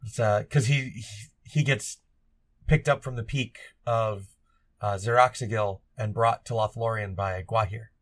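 A man's voice: fairly low pitch, fairly even intonation, measured pace. A man chatting casually as a podcast co-host, rambling and joking, now and then acting out characters' lines. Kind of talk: casual chat.

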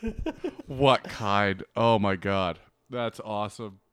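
A man's voice: lowish voice, slow pace, a bit bright, clean tone, no room sound. A man co-hosting a podcast, chatting casually in a blunt, teasing way and swearing freely. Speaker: podcast co-host. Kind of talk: casual chat.

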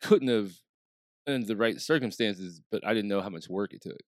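A man's voice: on the low side, lively intonation, fairly quick, no echo, studio quality. A man co-hosting a podcast in casual chat, laid-back and reflective. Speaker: podcast co-host.

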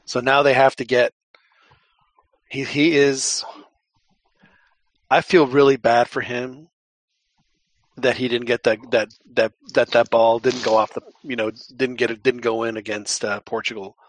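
A man's voice: mid-range voice, flat delivery, a little slow, long pauses, dry recording. A man hosting a casual podcast chat, rambling with many restarts. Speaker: podcast host.

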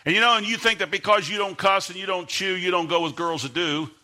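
A middle-aged man preaching as a guest pastor, emphatic and building to sudden shouts, reading scripture in old King James wording. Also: sits high, fast talker. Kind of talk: Baptist sermon.

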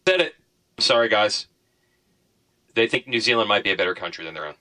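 Deep, bright-toned teasing male co-host. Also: sing-song, brisk. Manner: wry, teasing asides. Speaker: podcast co-host. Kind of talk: casual chat.

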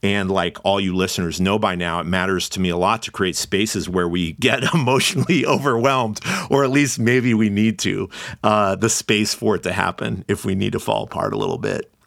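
A man with a low, gravelly voice hosts his podcast, opening the episode on his own. He talks earnestly and with open emotion, laughing often. The sound is close and dry. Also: steady tone, moderate pace, fairly bright tone, no room sound. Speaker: podcast host. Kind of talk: heartfelt solo podcast introduction.

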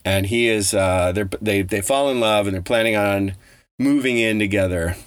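Low-voiced man telling a story. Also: moderate pace, no echo. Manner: loose, profane, rambling with restarts. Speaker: podcast host. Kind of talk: casual storytelling.

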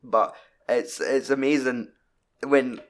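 An animated man talks through a film in loose, casual chat and swears constantly. His voice sits at an ordinary mid pitch, and he tumbles through the plot with restarts and asides. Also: takes it slowly. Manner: sweary, rambling, animated retelling.

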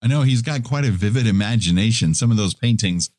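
A man co-hosting a podcast in casual chat, with a relaxed, wry way of talking. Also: lowish voice, fast talker, no echo, clean studio sound. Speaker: podcast co-host.

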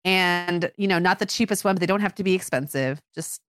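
Middle-aged mom from michigan, lowish voice, keeps saying "like", dry mic. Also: female voice, a little fast, fairly bright tone, clear, resonant tone, no room sound. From Michigan, USA. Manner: chatty, many "like" fillers. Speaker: podcast co-host and mother. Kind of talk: casual chat.

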